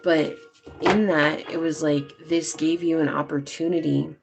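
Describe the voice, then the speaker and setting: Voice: medium pitch, steady tone, unhurried, creaky, faint music behind. A tarot reader giving a casual, chatty reading to viewers, talking loosely with lots of fillers.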